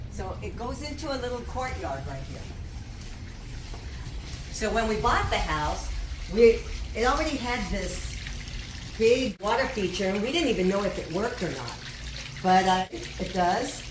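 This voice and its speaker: A woman's voice: medium pitch, noisy background. A woman chatting casually to her viewers in a home vlog, filmed in her courtyard by a relative, rambling with frequent fillers. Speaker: cooking vlogger hosting a house tour. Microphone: camera held by her nephew.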